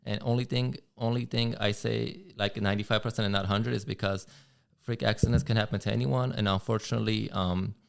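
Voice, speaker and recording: A man's voice: lowish voice, steady tone, fairly quick, gravelly, clear, resonant tone. Man, podcast guest, resonant tone, reflective, casual chat. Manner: reflective, many restarts. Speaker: guest rider.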